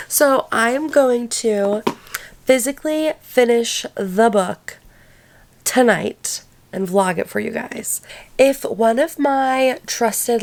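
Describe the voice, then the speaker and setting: A woman's voice: mid-range voice, darkish tone. Brief: woman, 20s, book vlogger, casual rambling chat, plenty of fillers. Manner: chatty and rambling, full of "like" and "literally".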